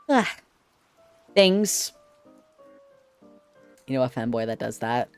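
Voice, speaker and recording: A man's voice: high voice, wildly swooping pitch, extremely slow, darkish tone, clear, resonant tone, soft background music. A man streaming from home on a headset mic, chatting playfully with his chat in a sassy way and sometimes screaming. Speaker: livestreamer reading chat.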